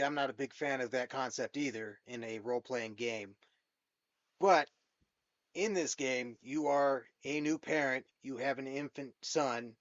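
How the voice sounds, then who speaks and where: A man's voice: medium pitch, no echo, muffled recording. A man in his thirties hosting a gaming channel, giving a chatty, candid game review monologue. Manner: chatty and candid, with many fillers and restarts.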